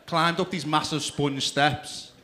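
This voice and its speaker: A man's voice: a little high, fairly even intonation, slow, bright, forceful tone. A man doing a stand-up comedy routine, telling crude stories and throwing asides to the crowd. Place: comedy club stage.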